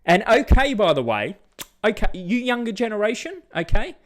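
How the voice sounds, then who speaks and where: A man's voice: very animated, moderate pace. A middle-aged Australian man talking on his vlog, ranting bluntly and casually about how people react to words. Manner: blunt, ranting, mocks others in high put-on voices. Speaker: vlogger. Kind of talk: casual opinion rant.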